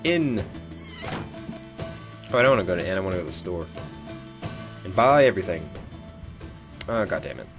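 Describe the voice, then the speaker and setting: A man's voice: low voice, very animated, normal speed, pauses often, music in the background. A young man casually commenting on a game he plays, joking and swearing, reading dialogue aloud now and then. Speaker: let's play gamer.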